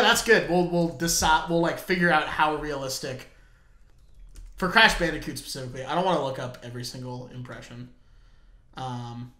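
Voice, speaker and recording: Young guy hosting a podcast, teasing n laughing, bright voice, echoey room. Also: fairly high pitch. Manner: joking, laughing often, teasing. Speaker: podcast host. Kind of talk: casual chat.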